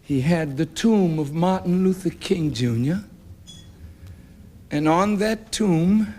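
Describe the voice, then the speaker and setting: A man from the United States giving an impassioned award speech with a preacher-like cadence that rises to shouts. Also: on the high side, slow pace. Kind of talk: fiery public oratory. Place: banquet hall at an awards dinner.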